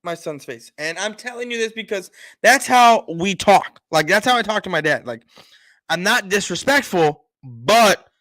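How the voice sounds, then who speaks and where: A man's voice: high voice, lively intonation, moderate pace, bright, forceful tone, no echo. A man on a casual livestream, telling a family story bluntly and frankly, acting out the dialogue. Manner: self-described attitude, frank and profane. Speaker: show host.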